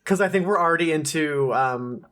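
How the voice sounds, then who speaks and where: A woman's voice: deep voice, moderate pace, a bit bright. A woman co-hosting a casual podcast, playful and teasing, laughing often. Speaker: podcast co-host.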